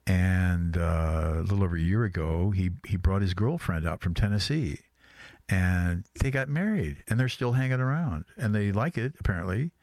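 A man hosting a casual radio show, talking in a rambling, halting way with many restarts. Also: deep voice, animated, a little mellow, no room sound. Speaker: radio host.

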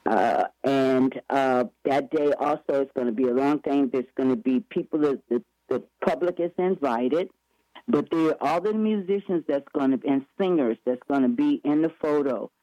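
A man's voice: mid-range voice, normal speed, warm tone, dry recording, lo-fi sound. A man chatting eagerly as an interview guest, rambling with many restarts and self-corrections. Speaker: guest promoting upcoming events. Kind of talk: casual radio interview chat.

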